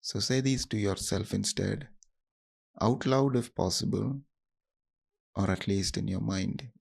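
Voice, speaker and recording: Man, guided practice host, low voice, creaky, unhurried, gentle instructions. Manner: slow, gentle, instructive pauses. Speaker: podcast host. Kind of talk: guided self-compassion practice.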